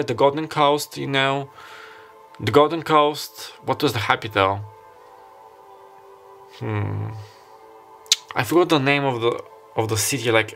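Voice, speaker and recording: Brief: non-native English-speaking man, casual tarot reader, halting, wanders off track, filmed on his own camera. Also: medium pitch, a bit bright. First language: not English. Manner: rambling, hesitant, searches for words aloud. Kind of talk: casual tarot reading monologue.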